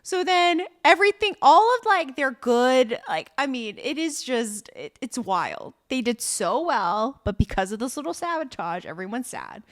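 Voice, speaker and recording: A young adult woman co-hosting a podcast, recapping a TV drama in casual, profane, animated chat. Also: sits high, normal speed, few pauses. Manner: animated storytelling, profane and laughing. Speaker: podcast co-host.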